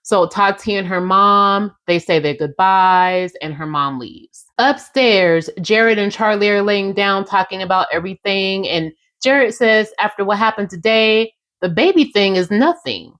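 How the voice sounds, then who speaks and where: Young woman chatting, sassy reality tv recap, mid pitch, talks right to the listeners. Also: unhurried, hardly any pauses, a bit bright. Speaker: podcast host recapping a reality show. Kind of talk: casual recap, acting out quotes.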